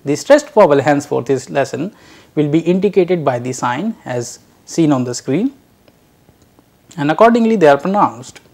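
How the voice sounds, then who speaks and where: A man teaching a recorded language lecture, drilling syllables and words slowly and carefully, addressing dear learners. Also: on the high side, animated, gravelly, darkish tone.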